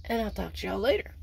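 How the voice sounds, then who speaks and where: A woman talks casually to her viewers from her backyard garden, rambling at an unhurried pace. She is a bit out of breath and not feeling well. Her voice sits at an ordinary middle pitch. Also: creaky, a little mellow, breathy edge. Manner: rambling, unhurried, with repeated sign-offs. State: feeling unwell. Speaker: homestead vlogger. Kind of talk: casual chat.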